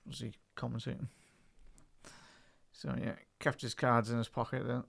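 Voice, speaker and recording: A man's voice: medium pitch, flat delivery, moderate pace, creaky, a bit bright, dry recording. A man doing live football commentary on a stream, chatting with his viewers between bursts of play-by-play that lift on attacks. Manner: rises and speeds up on attacking moves. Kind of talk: casual live match commentary.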